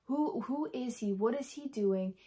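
A woman talking candidly in a personal faith vlog, her voice tired and worn, soft and halting with many fillers. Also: a little high. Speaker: faith vlogger.

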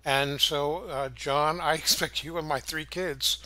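An older man co-hosts a casual talk show and often stops mid-sentence on fillers. His voice is bright and fairly high. The sound is dry and close. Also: steady tone, dry recording. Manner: halting, many uh fillers. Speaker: co-host. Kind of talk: casual chat.

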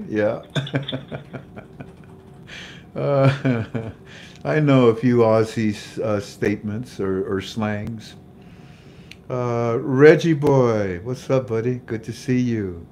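An older man hosts a faith-based livestream, greeting viewers by name in a jovial, chatty way, laughing at his own jokes and leading a prayer. He speaks extremely slowly with long pauses, in a medium-pitched, darkish voice. Slight background noise is audible.

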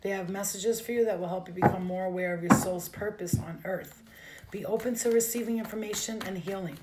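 A woman's voice: medium pitch, a little fast, very noisy. A woman giving a live tarot reading, emotional and direct, speaking straight to her viewers. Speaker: tarot reader.

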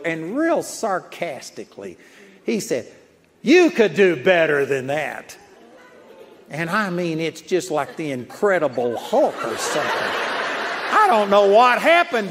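A man's voice: high voice, a bit bright, slight background noise. A man preaching a sermon in a folksy storytelling way, chuckling at his own anecdotes. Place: large auditorium. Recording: long auditorium reverb.

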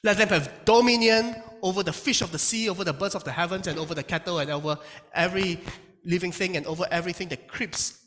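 A Bible teacher lectures with a lively, swinging delivery, voice climbing and dropping from phrase to phrase. The tone is bright and forward as they press points home with rhetorical questions. A long reverb tail hangs on every word. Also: medium pitch. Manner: emphatic, asks rhetorical questions with tag questions.

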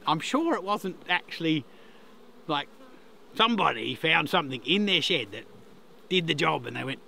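A man's voice: on the high side, expressive, normal speed, creaky, pauses often, bright, forceful tone. A middle-aged Australian man chatting casually with chuckling asides while working his beehives outdoors. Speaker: beekeeper vlogger. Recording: outdoor camera mic, noticeable ambient noise. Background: buzzing bees and insects.

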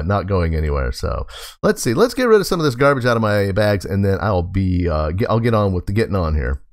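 A man's voice: lowish voice, a little mellow. A man casually commenting on his game as he plays, chatting to in-game animals and laughing often. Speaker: gaming host. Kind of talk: casual let's play commentary.

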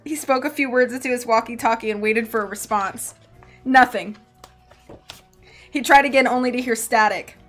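A woman's voice: fairly high pitch, normal speed, pauses often, faint music behind. A woman live-streaming a book reading, narrating plainly and breaking off for chatty, giggly asides.

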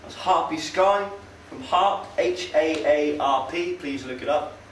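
A man's slightly high voice moves a little slowly through a casual, sardonic talk before an audience in a meeting hall. He's hesitant, dropping in fillers. The roomy hall and distant mic carry faint noise.

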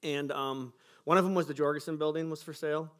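A man's voice: a little high, steady tone, quick pace. A man from Michigan, a pastor giving a sermon testimony in a school cafeteria, telling his church's story earnestly and acting out conversations.

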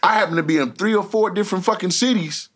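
A man's voice: high voice, fast talker, noisy background. A man in casual studio talk-show banter, blunt and slangy, making emphatic points. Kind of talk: casual opinionated chat. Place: recording studio.

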